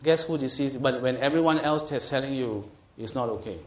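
A man's voice: medium pitch, a little fast. A man teaching a Bible study, reading scripture aloud and questioning his listeners, growing emphatic as he explains. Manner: asks the group questions, reads scripture aloud; grows animated and emphatic, stretching key words. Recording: echoey room.

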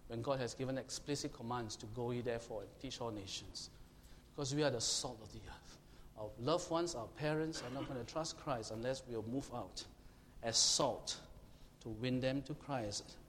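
A man's voice: mid-range voice, moderate pace. Emphatic male preacher in an echoing hall. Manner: emphatic, questions the congregation, shouts to illustrate. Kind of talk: sermon. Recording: long hall reverb, faint room noise.

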